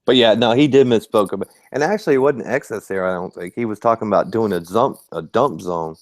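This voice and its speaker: A man's voice: on the low side, fairly quick, no room sound. A man co-hosting a live podcast, laid-back and lightly cursing while he fumbles with his screen. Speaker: podcast co-host. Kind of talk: casual live-stream chat.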